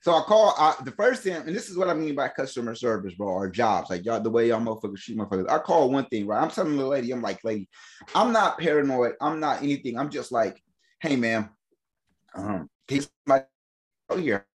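A man telling a long story in casual podcast chat, animated and slangy, laughing often and acting out the voices of the people in it. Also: medium pitch, quick pace. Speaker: podcast host.

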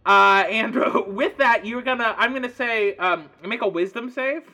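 Game master, man: high, bright, casual narration full of fillers. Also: unhurried, a little hiss or hum. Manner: casual, many fillers, describes scenes.

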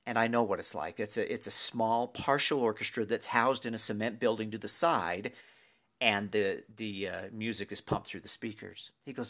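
A man telling a personal anecdote to an audience in a lively, animated way, with pauses and asides to his listeners. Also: lowish voice. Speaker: storyteller.

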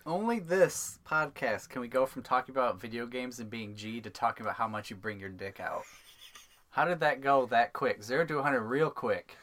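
A man's voice: mid-range voice, moderate pace, a bit bright. Young man, podcast co-host, crude jokes, frequent laughter, casual chat. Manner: crude joking, laughs often.

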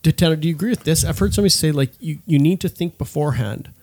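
A man's voice: a little high, racing, darkish tone. A man co-hosting a casual podcast, chatty, who stumbles over restarts and readily agrees. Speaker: podcast co-host.

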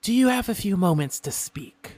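A man's voice: high-pitched, lively intonation, normal speed, a little mellow, voice pushed up. A man voicing a courteous, secretive male imp from the Nine Hells, who speaks in a formal, lilting manner.

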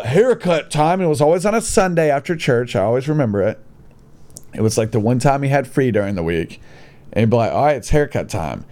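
Animated young man ranting casually. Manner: animated, swings between high exclamations and low mutters; blunt, swears casually. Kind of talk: casual storytelling monologue.

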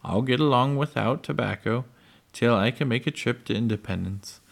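A man reading as steady pioneer father. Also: medium pitch, creaky. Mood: reassuring. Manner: steady, measured, plainly read. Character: pioneer father, calm, firm, caring.

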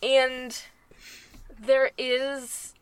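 Woman, podcast co-host, casual rambling chat, fillers, higher pitch, dry sound. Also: flat delivery, very slow, clean tone, no room sound. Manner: rambling, many ums and likes. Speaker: podcast co-host and tabletop player.

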